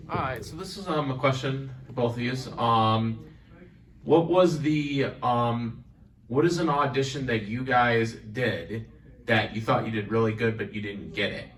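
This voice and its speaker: A man in the audience hesitantly asking a question, with many pauses and ums. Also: mid-range voice. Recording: echoey room, far from mic.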